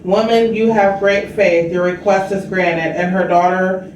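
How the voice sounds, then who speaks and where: A woman's voice: mid-range voice, fairly even intonation, measured pace, a little mellow, slight background noise. A woman co-hosting, reading viewer comments and a passage aloud, with a giggly manner. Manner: giggly, reads aloud steadily. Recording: very echoey room, distant mic.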